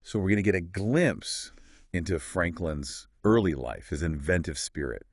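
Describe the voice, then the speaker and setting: A man hosting a podcast in a casual chat style, upbeat and talking in quick, short phrases. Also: sits low, animated, husky, no echo, clean studio sound. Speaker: podcast host.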